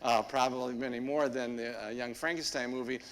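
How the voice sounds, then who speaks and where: A man, a priest, giving a homily in a church in a conversational storytelling manner with frequent pauses. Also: medium pitch, fairly even intonation. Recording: long church reverb.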